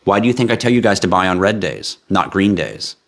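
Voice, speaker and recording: A man's voice: low voice, lively intonation, fairly quick. A man hosting a live stream, chatting casually and with animation straight to his viewers. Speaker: livestream host.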